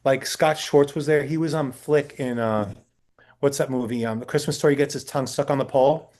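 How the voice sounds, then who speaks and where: A man being interviewed about his work as a talent agent. He tells his stories in an animated, anecdotal way at an ordinary pitch. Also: brisk. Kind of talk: casual interview.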